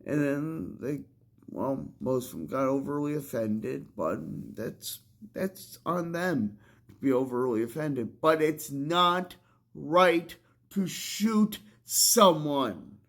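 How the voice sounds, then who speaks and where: Slow, gravelly, tearful man. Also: a little high, animated, fairly bright tone. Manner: impassioned, heated. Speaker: vlogger. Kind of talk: emotional vlog monologue.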